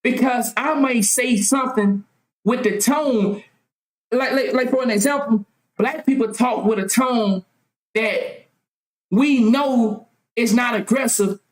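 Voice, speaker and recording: A woman with a high voice speaks in a fervent, impassioned monologue, firing off rhetorical questions and at times yelling. She swears freely as she argues. The sound carries a roomy echo. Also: takes it slowly. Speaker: vlogger.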